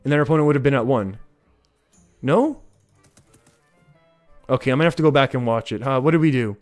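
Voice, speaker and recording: Excitable man streaming a card game. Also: medium pitch, brisk. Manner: chatty, reads chat aloud, excitable. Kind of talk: casual game commentary. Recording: faint music behind.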